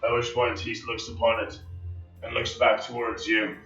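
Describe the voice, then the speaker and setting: A man narrating as game master, lively and casual, swearing and laughing with his players. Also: medium pitch, moderate pace, creaky. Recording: echoey room, far mic, dull, music.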